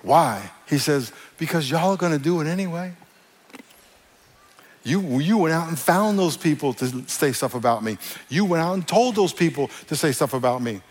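A man preaches to his congregation, teasing them and asking them questions. He jokes freely and acts out the people he quotes. His voice sits a bit high for a man. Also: expressive, normal speed, few pauses, slightly rough, big-room sound. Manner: addresses the audience directly. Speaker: pastor. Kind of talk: sermon.

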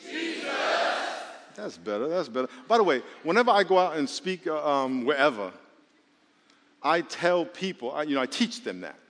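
A man's voice: fairly high pitch, normal speed, long reverb tail, a faint crowd, slight background noise. A man preaching a sermon as pastor, joking and calling out questions to the congregation. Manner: lively, joking, calls on the congregation.

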